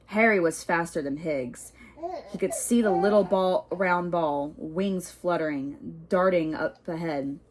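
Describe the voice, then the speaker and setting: Slow, expressive woman reading aloud. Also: lowish voice. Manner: expressive, unhurried, occasional stumbles. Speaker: reader. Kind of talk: storybook read-aloud.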